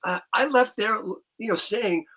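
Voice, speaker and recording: A man with a husky, breathy voice that still sounds bright and forward. He talks in an earnest, halting way, restarting sentences. His voice sits fairly high for a man. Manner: heartfelt, halting. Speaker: guest musician. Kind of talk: casual interview talk.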